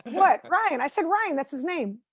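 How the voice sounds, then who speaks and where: A woman's voice: high-pitched, expressive, unhurried. A woman stand-up comedian doing a rambling, self-mocking routine over a video call from home, full of "like"s.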